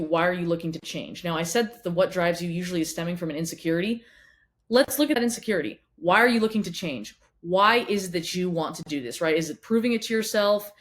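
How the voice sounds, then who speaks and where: Woman fitness coach, quick-fire blunt motivational talk, swears, repeats words, hits the listener with questions. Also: on the low side. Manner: asks rapid questions straight at the listener. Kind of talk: motivational monologue to camera.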